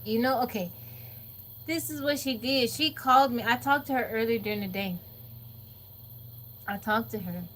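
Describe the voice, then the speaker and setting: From her off-grid home, a livestream host chats casually with live viewers, telling stories animatedly, acting out quotes and laughing often. Her voice is a little high, at a normal speed with long pauses. There's a little hiss or hum in the audio.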